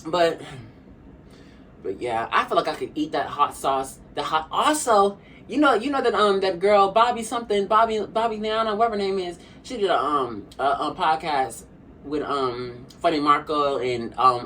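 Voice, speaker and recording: Sassy young woman chatting over her food, kinda lowish voice, a bit far from the mic. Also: fairly bright tone. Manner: sassy, chatty, calls the viewer honey. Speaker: vlogger. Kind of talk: casual chat while eating. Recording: a bit distant from the mic, faint room hum.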